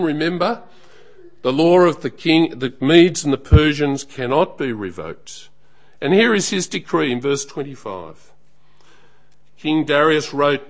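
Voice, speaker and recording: A man preaching a sermon in a measured, emphatic way, letting phrases trail off softly at the end. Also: fairly high pitch.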